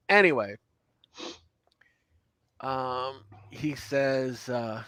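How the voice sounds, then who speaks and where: A man narrating as game master of a tabletop role-playing game, relaxed, with many fillers. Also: medium pitch, takes it slowly, no room sound.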